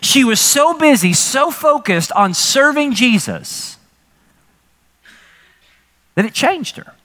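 A man preaching a sermon as pastor, animated and humorous, with frequent rhetorical questions to the congregation. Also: very high voice, slow.

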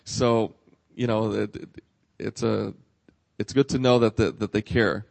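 A man earnestly recommending a service at a conference, speaking haltingly with restarts. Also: fairly low pitch, steady tone, creaky, darkish tone, no echo. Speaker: conference presenter.

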